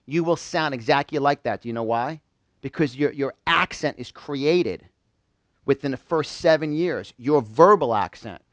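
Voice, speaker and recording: A man's voice: mid-range voice, lively intonation, moderate pace, fairly bright tone, no echo. A man from New York giving a live motivational seminar, quizzing a small audience in call-and-response. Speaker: motivational speaker.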